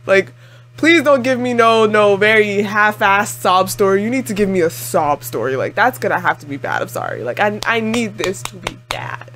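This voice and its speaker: Speaking at normal speed in a medium pitch, a woman narrates her casual anime reaction. Her talk is lively and full of "like," punctuated by frequent laughter and exclamations at the screen.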